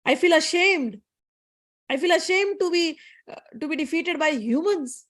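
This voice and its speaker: A woman voicing a five-year-old boy god in a storytelling, his voice pitched high above her own and wounded with shame. He questions indignantly, sulky and plaintive. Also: animated, normal speed, a bit bright. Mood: ashamed, indignant.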